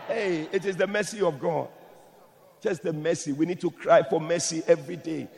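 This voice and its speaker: A man preaching a sermon emphatically, moving from soft explanation to shouted blessings. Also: a little high, fairly even intonation, moderate pace, creaky, big-room sound.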